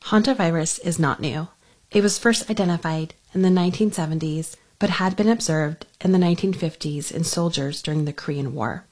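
A woman radio reporter reading scripted news narration in an even delivery. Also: fairly low pitch, a little fast.

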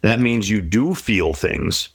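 A middle-aged man with a fairly low voice talks through life advice in a reflective, encouraging way. The recording is dry and close, with no room sound. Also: animated, slow pace, vocal fry, breathy edge, no room sound. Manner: reflective, advice-giving, with quoted inner voices. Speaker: guest. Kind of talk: conversational interview.

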